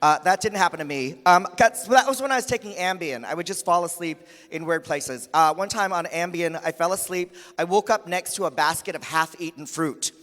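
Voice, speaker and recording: A man's voice: a little high, fairly quick, hardly any pauses. A man emceeing a conference, telling comic stories in a stand-up style and acting out the voices of the people he quotes. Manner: animated, acts out quoted voices. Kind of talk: stand-up comedy storytelling. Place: large conference hall stage. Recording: echoey hall reverb.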